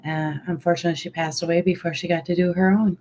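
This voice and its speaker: A woman co-hosting a casual chat, telling a rambling family story with frequent pauses and ums. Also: on the low side, little pitch movement, a little mellow, a little hiss or hum. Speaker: co-host.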